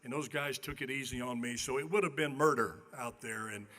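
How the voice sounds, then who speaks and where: A man's voice: medium pitch, brisk, pushed and bright. An older man giving an acceptance speech at a banquet, telling folksy, self-deprecating stories at a podium microphone in a large hall. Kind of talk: after-dinner storytelling speech. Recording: long banquet hall reverb.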